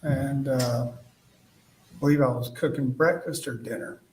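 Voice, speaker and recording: A man giving courtroom testimony as a witness, speaking haltingly and retelling past conversations as quoted dialogue. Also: medium pitch, fairly even intonation, a little mellow, slight background noise. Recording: echoey room, voice far from the mic.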